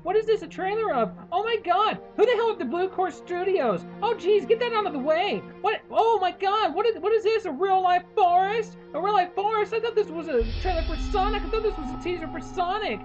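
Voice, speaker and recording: A woman's voice: extremely high pitch, expressive, a little fast, hardly any pauses, muffled recording, soft background music. A woman doing a comedic parody rant, reacting to a trailer with exclamatory fan gushing and outrage. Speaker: parody reviewer.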